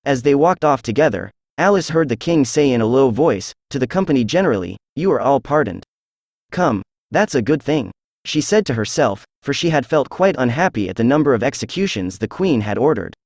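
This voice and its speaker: A synthetic male voice narrates a classic storybook in an even, measured way. The pitch sits in a middle range but moves about a lot, and the sound is close and dry with no room echo. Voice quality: synthetic computer voice. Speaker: audiobook narrator.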